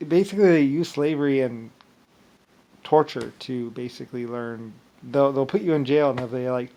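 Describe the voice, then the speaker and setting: A man talking in a rambling monologue, circling back with repeated filler phrases and frequent restarts. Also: mid-range voice.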